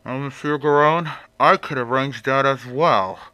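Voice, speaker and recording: A man's voice: mid-range voice, a little slow, pushed and bright, smooth, dry recording. Guy doing muffled creepy phantom, polite but menacing, from a bit off mic. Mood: threatening. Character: masked phantom man, menacing, coldly polite.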